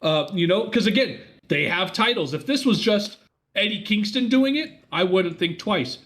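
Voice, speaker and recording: A man's voice: high-pitched, animated, moderate pace, fairly bright tone. A man co-hosting a podcast, arguing his side and telling stories in a rambling, casual way. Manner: argumentative, rambling, storytelling with restarts. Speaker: podcast co-host. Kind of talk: casual chat.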